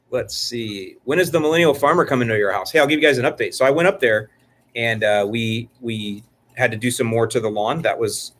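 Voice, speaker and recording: A man's voice: medium pitch, normal speed, long pauses, fairly bright tone. Joking, rambling male live-stream host. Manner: joking, rambling, with frequent restarts and fillers. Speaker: lawn care channel host. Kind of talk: casual live-stream chat.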